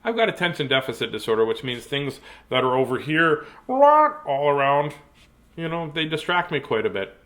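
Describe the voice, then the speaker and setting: A man's voice: mid-range voice, animated, fairly quick, few pauses, pushed and bright. A middle-aged man hosting a live-streamed children's storytime, chatty and playful, easily sidetracked and greeting young viewers by name. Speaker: children's book reader and show host.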